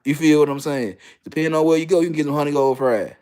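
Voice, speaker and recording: A man's voice: fairly high pitch, fast talker, clean tone. A middle-aged man from Memphis with a Southern Memphis accent, ranting in casual, profane slang as a commentator. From Memphis, Tennessee. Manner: animated, heavy slang and cursing.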